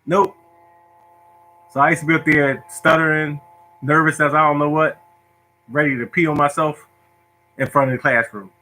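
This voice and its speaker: Man, lottery show host, casual storytelling, joking, bright voice, slightly high pitch. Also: fairly quick, poor audio. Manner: animated, joking, self-mocking.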